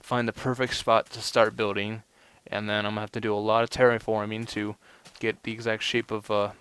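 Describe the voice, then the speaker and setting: A man's voice: fairly low pitch, flat delivery, a little fast, fairly bright tone, clear, resonant tone. A young man giving casual let's play commentary, rambling and full of "you know" fillers. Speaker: gameplay commentator.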